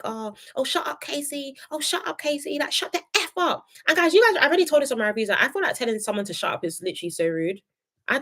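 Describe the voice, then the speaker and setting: Young adult woman, casual live-stream reviewer, animated and opinionated. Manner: chatty and opinionated, reads viewer comments aloud; animated, jumps between high excited greetings and low asides.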